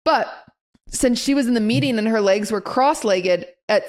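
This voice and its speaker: A young woman with a fairly high voice co-hosts a podcast in relaxed, casual chat. She tells stories with animation, jumping into quoted reactions as she goes. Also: normal speed. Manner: animated storyteller who acts out quoted reactions. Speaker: podcast co-host.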